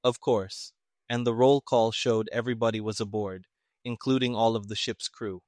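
A man's voice: medium pitch, fairly even intonation, normal speed, a little mellow, no room sound, lightly acted. A grumbling middle-aged army major who mutters his complaints, as a man reads him in an audiobook. The sound is dry and close.

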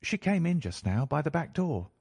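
A man's voice: on the high side, big pitch swings, moderate pace, gravelly, darkish tone, slightly rough, no echo, exaggerated voice. Man doing an anxious young lady, earnest and careful, dry close sound. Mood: concerned. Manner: earnest, concerned. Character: worried young woman of the household.

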